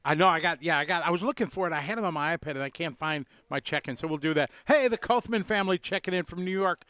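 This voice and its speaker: A man's voice: on the high side, fast talker, pushed and bright, smooth, no room sound. A man doing casual live commentary at a race, chatting and greeting viewers.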